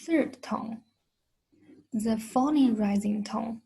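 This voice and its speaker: A woman's voice: on the high side, fairly even intonation, slow pace, gravelly, mellow, breathy edge, low-quality recording. A woman with a Chinese accent teaching a beginner lesson, patiently repeating each sound twice. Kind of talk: slow, careful language lesson.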